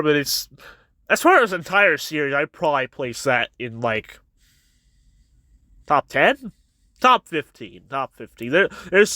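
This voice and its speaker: A man talks through a manga chapter in a loose, rambling recap, stopping often to restart his thoughts. His voice sits high and bright, and it is recorded dry and close with no room sound. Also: dry recording. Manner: rambling, retells scenes with quick quoted voices. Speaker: manga reviewer. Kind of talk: casual chapter recap and commentary.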